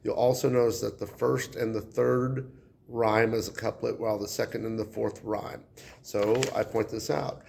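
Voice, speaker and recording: Male English teacher, deep fry in the voice, relaxed classroom explainer. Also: normal speed, a little hiss or hum. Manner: relaxed, conversational, with fillers. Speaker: high school English teacher.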